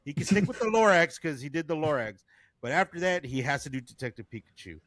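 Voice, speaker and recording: Lively, animated male podcast co-host. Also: fairly high pitch, fast, dry recording. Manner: animated, excitable. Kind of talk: casual chat.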